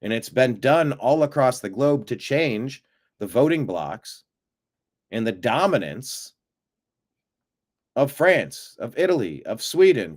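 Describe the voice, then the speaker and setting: A man hosting a live-streamed political commentary show, talking in an animated way with sarcastic asides and frequent fillers. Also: mid-range voice. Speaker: host of a political news show.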